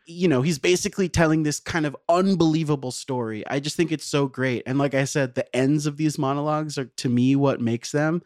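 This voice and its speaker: A man's voice: mid-range voice, a little mellow, no echo, studio quality. A man guesting on a podcast, talking in a thoughtful, explanatory way. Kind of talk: casual chat.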